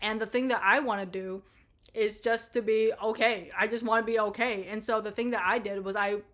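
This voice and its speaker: A woman's voice: mid-range voice, fairly even intonation, fairly quick, fairly bright tone. A young adult woman talking casually to camera, rambling and bluntly profane, full of "like" and "you know.". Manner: frequent "like" and "you know" fillers. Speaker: vlogger.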